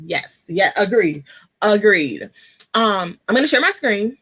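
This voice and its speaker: A woman's voice: mid-range voice, big pitch swings, unhurried, fairly bright tone, breathy edge. A woman hosting a casual live stream, a little out of breath and chatty, laughing often. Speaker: host.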